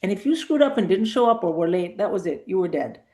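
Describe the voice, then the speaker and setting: A middle-aged woman comedian chatting as a guest in a casual interview, telling lively anecdotes and acting out quoted dialogue. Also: medium pitch, fast talker.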